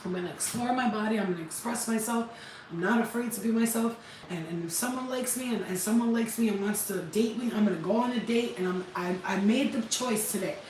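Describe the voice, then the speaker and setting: A woman's voice: on the high side, brisk, recorded from a distance, slight background noise. Blunt, laughing woman streaming in an echoey room. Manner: blunt, profane, laughs often; animated, acts out quotes. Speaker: spiritual healing vlogger. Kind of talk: casual livestream chat.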